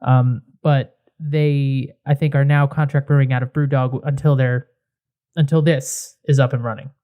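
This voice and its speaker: A man co-hosting a casual podcast, telling a story with animated build-ups. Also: medium pitch, moderate pace. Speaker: podcast co-host.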